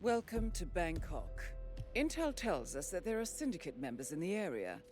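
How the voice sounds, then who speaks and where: A composed game handler. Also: female voice, lowish voice, big pitch swings, a little mellow. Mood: calm. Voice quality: composed, measured. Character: calm female handler briefing an assassin. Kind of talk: video game voice acting. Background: game music.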